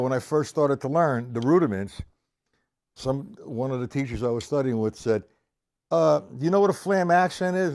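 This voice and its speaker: A middle-aged man teaching drum rudiments on a live stream, counting beats aloud and chatting casually with viewers. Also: mid-range voice. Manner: counts beats aloud over his own drumming, chatty asides to viewers. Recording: loud drum kit playing alongside the voice.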